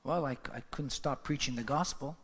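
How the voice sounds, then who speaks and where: A man's voice: mid-range voice, moderate pace, fairly bright tone, husky. A man preaching a sermon, telling his testimony as a dramatic story and building to fervent emphasis. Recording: long reverb of a large hall.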